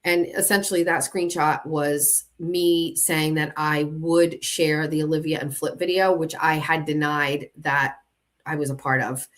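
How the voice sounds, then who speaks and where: Female host, lowish voice, plain storytelling delivery reading out message exchanges. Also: measured pace. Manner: plain storytelling, reading quotes flatly without doing voices. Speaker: show host. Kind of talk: recounting and reading out a text exchange.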